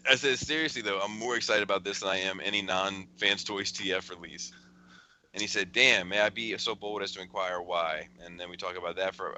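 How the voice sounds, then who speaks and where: A man's voice: sits low, bright, forceful tone, a little hiss or hum, low-quality recording. A man hosting a casual podcast, chuckling as he rambles through a friend's text messages. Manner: chuckling, rambling storyteller with restarts. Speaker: podcast host.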